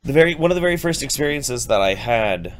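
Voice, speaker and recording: A man's voice: mid-range voice, fast talker, a little hiss or hum. A man co-hosting a podcast, telling stories casually with some swearing. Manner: relaxed, swearing, storytelling. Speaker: podcast co-host. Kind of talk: casual chat.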